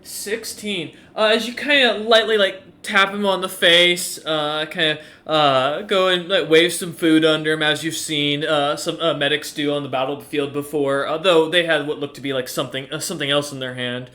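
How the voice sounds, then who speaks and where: A man's voice: fairly high pitch, steady tone, normal speed, few pauses, pushed and bright. A man narrating a tabletop game as game master, hesitant and full of fillers.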